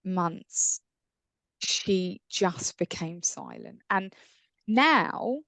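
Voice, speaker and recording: A woman's voice: lowish voice, big pitch swings, drawn-out words, gravelly, a bit bright, no echo. Earnest woman telling her story. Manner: earnest, acts out inner dialogue. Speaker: podcast guest. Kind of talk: candid personal storytelling.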